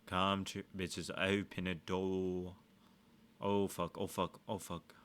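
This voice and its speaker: Excitable, foul-mouthed gamer guy. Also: deep voice, takes it slowly, smooth. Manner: profane, excitable trash talk. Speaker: gaming streamer. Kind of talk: let's-play commentary.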